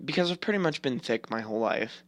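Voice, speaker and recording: A man's voice: mid-range voice, animated, quick pace, no room sound. A man in his twenties hosting a podcast, ranting casually with a rambling, profane delivery full of filler words. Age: 20s. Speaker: podcast host. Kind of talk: casual opinion rant.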